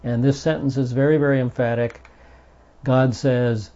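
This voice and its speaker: A gravelly-voiced man teaches a Bible study in an earnest, emphatic way and stresses the passages he reads. His voice is dark and mellow. The recording is dull and lo-fi. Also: mid-range voice, steady tone, moderate pace.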